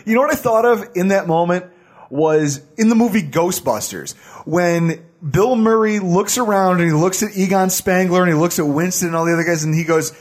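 A man co-hosting a casual sports podcast, animated and ranting, laughing often as he talks. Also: sits high, brisk.

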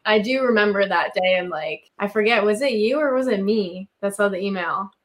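A young woman in her twenties talks as a guest on a podcast. Her speech is relaxed and chatty, full of "like" as she thinks aloud. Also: mid-range voice, moderate pace, noisy background. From Canada. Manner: relaxed, heavy use of "like". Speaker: guest, country music singer. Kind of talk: casual interview chat.

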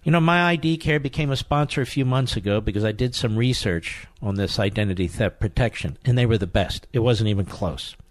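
A man's voice: on the low side, a little fast, hardly any pauses, no echo. A man hosting a talk radio show, taking callers and reading ads in an emphatic manner, repeating key phrases. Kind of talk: talk radio monologue and host-read ad.

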